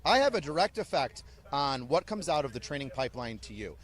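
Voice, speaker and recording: A man's voice: mid-range voice, fairly quick. A man who is an army drill sergeant, telling stories animatedly in an interview and barking out orders. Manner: animated, barks quoted orders. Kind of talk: storytelling in an interview.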